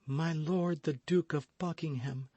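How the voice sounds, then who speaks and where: A man reading an audiobook, voicing an anxious young woman who speaks in soft, reproachful pleading. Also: a little high, normal speed, no echo, muffled recording, voice pushed up, close to an everyday voice. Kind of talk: audiobook character voice.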